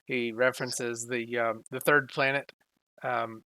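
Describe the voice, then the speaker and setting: A man's voice: medium pitch, level tone, unhurried, pushed and bright, no room sound. A man acting as game master, describing scenes in a hesitant, filler-heavy way. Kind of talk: running a tabletop game.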